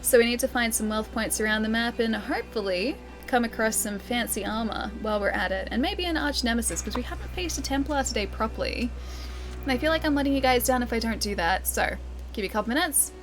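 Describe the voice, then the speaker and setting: Playing a game live for her viewers, this Australian-accented woman chats casually, giggles often and reads chat aloud to answer it. Her voice is a little high and expressive, her pace quick, with soft background music behind her.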